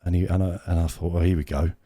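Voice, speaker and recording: A man with a very low voice tells a long rambling story on a podcast, often stopping to restart his sentences. His voice sits close and dry on the mic. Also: fairly even intonation, racing, mellow, breathy edge, dry recording. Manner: rambling anecdote with frequent laughs and restarts. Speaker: podcast co-host. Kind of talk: casual storytelling chat.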